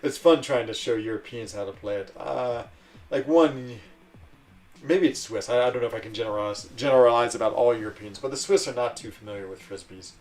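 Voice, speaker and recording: A man's voice: mid-range voice, brisk, recorded from a distance. Rambling, laugh-prone male streamer. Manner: rambling, chatty, laughs often. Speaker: livestream host. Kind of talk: casual livestream chat.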